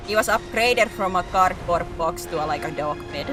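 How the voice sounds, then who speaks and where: A woman hosting a gaming stream, chatting casually with friends in a giggly, teasing, restless way. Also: lowish voice. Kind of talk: casual chat while gaming. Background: game music.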